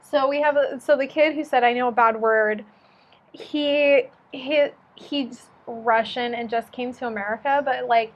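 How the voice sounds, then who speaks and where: A high-voiced woman who teaches young children, chatting casually with a friend. She tells stories animatedly, acts out the people in them and laughs as she goes. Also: little pitch movement, a little slow, few pauses, muffled recording. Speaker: co-host and book reader. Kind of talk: casual chat with read-aloud passages.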